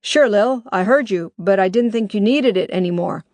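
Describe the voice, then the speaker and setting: A woman voicing a smooth-talking man who apologizes on the phone, in a raised, pleading way. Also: medium pitch, moderate pace, darkish tone, dry recording, voice pushed up, close to an everyday voice.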